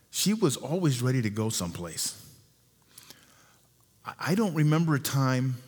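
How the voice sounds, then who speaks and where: A man preaching a sermon as pastor, earnest, repeating and slowing down key lines for emphasis. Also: mid-range voice, slightly rough. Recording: long hall reverb.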